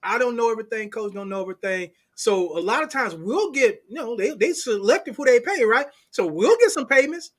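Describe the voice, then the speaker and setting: A man guesting on a show as a crypto strategist, talking in a slangy, animated way and acting out what others said. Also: very high voice, brisk, hardly any pauses. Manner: animated, slangy, acts out quoted voices. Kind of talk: casual interview chat.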